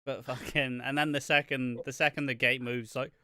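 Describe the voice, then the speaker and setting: A man's voice: mid-range voice, little pitch movement, moderate pace, bright, forceful tone, no echo, studio quality. A man co-hosting a wrestling podcast in casual, profane chat, joking and slipping into silly impressions. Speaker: podcast co-host.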